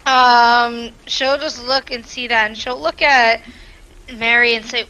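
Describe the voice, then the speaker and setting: Female player, high and bright, tentative delivery. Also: fairly even intonation, slow pace, poor audio. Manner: hesitant, casual. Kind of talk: tabletop game chat.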